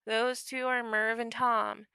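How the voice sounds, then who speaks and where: Woman reading a calm, tall warrior leader. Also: a little high, takes it slowly, creaky, clear, resonant tone, no echo, exaggerated voice. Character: tall big man, calm group leader.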